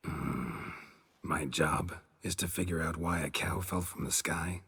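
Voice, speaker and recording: Geralt, a deep terse monster hunter. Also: male voice, a little slow, fairly bright tone, slightly rough, heavily acted. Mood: curt. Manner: terse, clipped, businesslike. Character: gruff, weary middle-aged male monster hunter. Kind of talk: video game dialogue.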